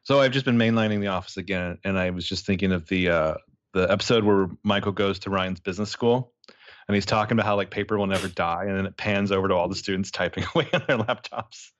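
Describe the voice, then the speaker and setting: A man co-hosting a podcast from home, recapping scenes in an animated, jokey way and swearing freely. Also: low voice, fast, muffled recording. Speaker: podcast co-host. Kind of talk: casual chat, recapping scenes. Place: home, with a cat near the mic.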